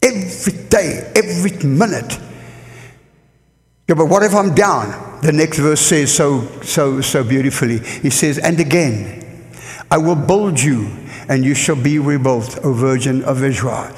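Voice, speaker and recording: A man preaching a lively sermon to a church congregation, leading call-and-response. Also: on the high side, measured pace. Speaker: guest preacher. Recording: echoey church hall.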